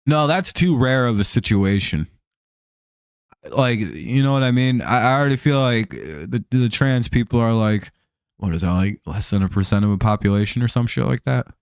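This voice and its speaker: A man's voice: medium pitch, lively intonation, normal speed, clean tone, no room sound. A man hosting a live stream, chatting casually over a baseball game, laid-back and joking, with casual swearing.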